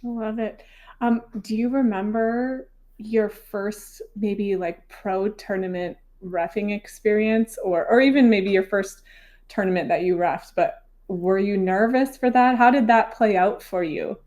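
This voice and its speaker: A woman's voice: medium pitch, unhurried, darkish tone. A woman hosting an interview, asking questions and walking through an app in a chatty, informal way with fillers like "um" and "like". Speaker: interviewer, host. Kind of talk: casual interview and software walkthrough.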